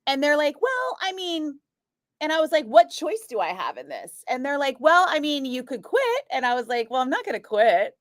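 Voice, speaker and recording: A woman radio DJ chatting casually, telling an animated story and acting out what others said, with lots of "like" fillers. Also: sits high, fairly quick, hardly any pauses, no room sound, studio quality. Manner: animated, acts out quoted voices, frequent "like". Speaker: radio DJ chatting with a live stream. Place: radio studio. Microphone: studio microphone.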